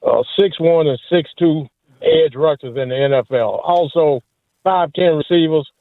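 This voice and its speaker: A man's voice: on the high side, moderate pace, dry recording. Opinionated male caller on a tinny phone. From Michigan. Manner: eager, opinionated.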